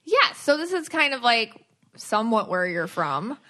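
A woman hosting a podcast about auras, chatting casually and teasing her co-host with quick laughs. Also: a little high, very animated, bright, forceful tone. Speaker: podcast host, aura reader.

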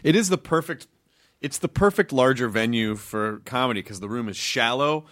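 A man hosting a podcast, introducing his guest and chatting with quick, upbeat banter. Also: medium pitch, lively intonation, a bit bright, dry recording, clean studio sound. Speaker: podcast host. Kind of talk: casual podcast chat.

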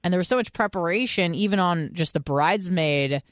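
A woman's voice: lowish voice, fairly quick, no room sound, studio quality. A woman in her twenties hosting a radio talk show, telling stories in a candid, profane, laughing way. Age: 20s. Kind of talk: casual storytelling chat.

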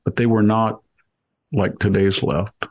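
Older man, gravelly and husky. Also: fairly low pitch, fairly even intonation, measured pace, a little mellow. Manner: wry, reminiscing, laughs while telling stories. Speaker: podcast host. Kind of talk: conversational storytelling.

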